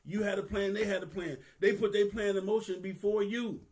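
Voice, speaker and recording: A man's voice: high voice, fairly even intonation, a little fast, a little mellow. A man, giving a candid, earnest monologue that is profane and casual, with phrases repeated for emphasis. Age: 50s. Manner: profane, street-casual talk. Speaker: vlogger.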